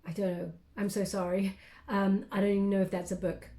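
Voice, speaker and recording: A woman giving a tarot reading, talking gently and hesitantly with many pauses and fillers. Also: mid-range voice, little pitch movement, echoey room. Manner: gentle, hesitant, many ums, thanks her spirit guides. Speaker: tarot reader.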